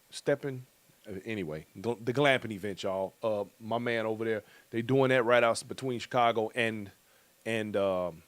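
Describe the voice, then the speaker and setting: A man's voice: on the low side, no room sound. A middle-aged male host in loose, joking casual chat, reading out viewer comments and chuckling often.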